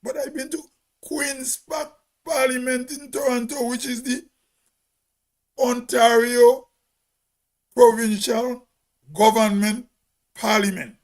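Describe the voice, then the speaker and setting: A Grenadian man with a very high voice holds forth in a casual monologue. He talks slowly and emphatically, repeating key words to drive each point home. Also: fairly even intonation. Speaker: host.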